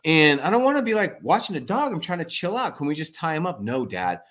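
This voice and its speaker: A man's voice: high voice, fast. A man in his forties, a family coach, telling rambling stories in a casual interview and leaning on "like" a lot. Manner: rambling, animated, heavy use of "like" and "freaking". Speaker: family coach, podcast guest.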